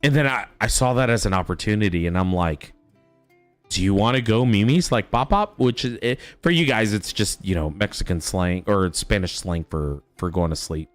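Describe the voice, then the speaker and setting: A man's voice: low voice, a little fast, few pauses, no room sound, faint music behind. A man streaming a game, telling stories about his toddler in a casual, swearing chat. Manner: animated storytelling, swearing. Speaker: father.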